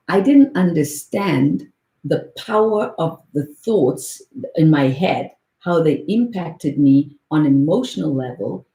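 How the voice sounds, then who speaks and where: A woman's voice: deep voice, warm tone, echoey room, rough recording. A woman in her forties teaching meditation on a call in an earnest way, often repeating words for emphasis and checking in with "right?". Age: 40s. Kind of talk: motivational talk on a call.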